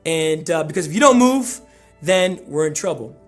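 The steady, unbothered voice of a lighthouse, as a preacher puts it on answers back calmly and firmly. The voice is pitched high. Faint instrumental music plays in the background. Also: male voice, moderate pace, lightly acted. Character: calm, immovable lighthouse voice.

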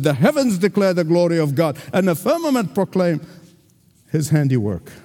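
A male pastor preaching a sermon with emphatic delivery and dramatic pauses. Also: high-pitched, a little mellow. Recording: long hall reverb.

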